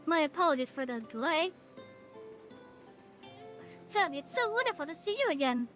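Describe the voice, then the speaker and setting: A woman's voice: sits high, big pitch swings, a bit bright, faint music behind. A woman reading a formal, composed soldier. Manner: polite, formal, measured. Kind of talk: reading game dialogue aloud on stream.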